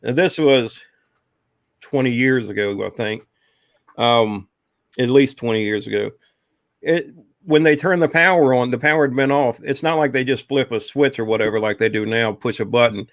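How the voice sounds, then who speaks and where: A man of middle pitch spins a rambling ghost story, stopping often for "um" and "you know". The sound is close and dry, with no room around it. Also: normal speed, no echo. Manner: rambling, drawling, many fillers. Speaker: guest telling a ghost story. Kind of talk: casual storytelling.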